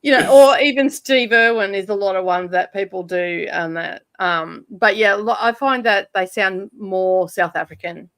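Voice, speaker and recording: A woman's voice: mid-range voice, normal speed, few pauses, a bit bright. An Australian woman hosting a reading sprint, chatting casually over a video call in a rambling, giggly way with lots of fillers. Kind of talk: casual chat.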